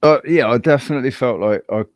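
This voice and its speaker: A man co-hosting a podcast, telling a personal story in a rambling, halting way with frequent restarts. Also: medium pitch, no echo, clean studio sound. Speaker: podcast co-host. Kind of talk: casual chat.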